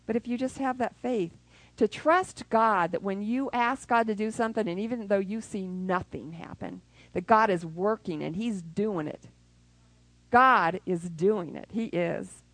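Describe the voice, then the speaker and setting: A woman preaching a sermon who acts out prayers and little scenes, even with sound effects. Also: medium pitch, measured pace, dry recording, low-quality recording.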